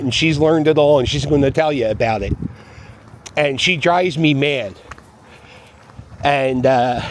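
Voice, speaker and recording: A man's voice: a little high, a little hiss or hum. A man giving rambling, wry commentary to a handheld camera as he walks his dog down a city street. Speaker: vlogger walking his dog. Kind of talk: casual walking commentary.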